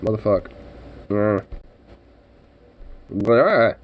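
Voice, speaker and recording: A man's voice: fairly low pitch, animated, extremely slow, muffled recording. A man streaming live and chatting casually, rambling with many fillers and frequent swearing.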